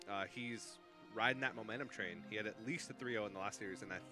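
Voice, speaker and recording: A man's voice: fairly low pitch, fast, music in the background. Analytical male esports co-caster. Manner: analytical, dry jokes. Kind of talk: live esports commentary.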